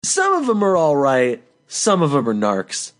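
A man's voice: a little high, wildly swooping pitch, a little slow, faint music behind. A man co-hosting a comedy podcast, improvising a story in a rambling way with many fillers. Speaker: podcast co-host.

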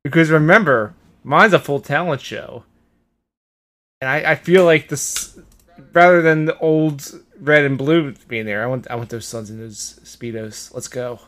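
A man trading wry, quick remarks in a casual comedy podcast. His voice is bright and sharp, sitting a little high. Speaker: podcast co-host.

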